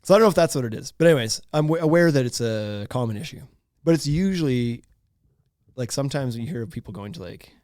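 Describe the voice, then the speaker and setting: A man, hosting a podcast and telling a story in casual chat, animated and laughing often. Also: medium pitch, fast talker, no room sound, clean studio sound. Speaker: podcast host.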